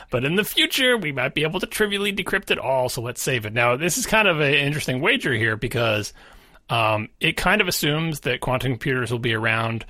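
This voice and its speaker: A man co-hosting a podcast, talking casually about tech, emphatic, with his pitch jumping up on stressed words. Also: pushed and bright, no room sound, studio quality. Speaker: podcast co-host.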